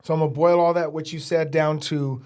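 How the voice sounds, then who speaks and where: A man's voice: a little high, fairly even intonation, fairly quick, a little mellow, clean tone. A middle-aged man, a teacher and program director, hosting a casual interview with an upbeat, encouraging manner and many fillers.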